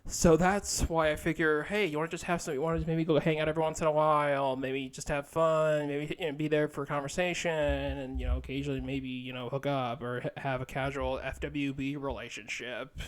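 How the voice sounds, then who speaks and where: A man's voice: a little high, flat delivery, fairly quick, hardly any pauses, clear, resonant tone. A young man talking casually to his viewers in a rambling, self-deprecating monologue, full of restarts and fillers, with casual swearing. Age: young adult. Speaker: vlogger.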